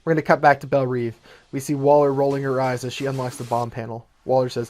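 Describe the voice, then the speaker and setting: A man's voice: mid-range voice, little pitch movement, fast talker, a little mellow, soft background music. Man narrating a fan-written action script. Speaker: storyteller.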